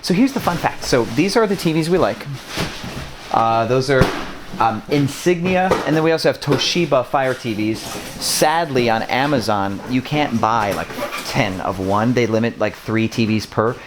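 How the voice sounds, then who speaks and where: A Wisconsin man in his thirties, who works as a short-term rental host, vlogs casually to camera inside an apartment full of boxes, with noise in the background. His mid-range voice is expressive and moves at normal speed, rambling loosely with many ums. His American accent is mostly neutral, with a faint Wisconsin trace.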